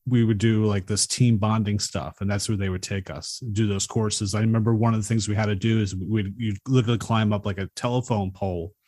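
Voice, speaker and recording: A man's voice: lowish voice, fairly even intonation, brisk, few pauses, a little mellow. A man from Florida co-hosting a podcast, telling stories in an easygoing, reflective way. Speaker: podcast co-host. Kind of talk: casual chat.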